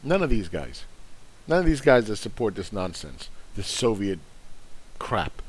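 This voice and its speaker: A man's voice: on the low side, very animated, unhurried, slightly rough. A man hosting an investing channel, ranting in angry, sarcastic commentary that is full of profanity and mockery.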